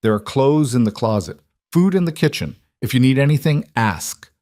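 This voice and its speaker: A man voicing a controlled crime boss who speaks in flat, clipped sentences. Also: mid-range voice, moderate pace, no room sound, clean studio sound, pitched above the performer's own voice, natural voice. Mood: cold.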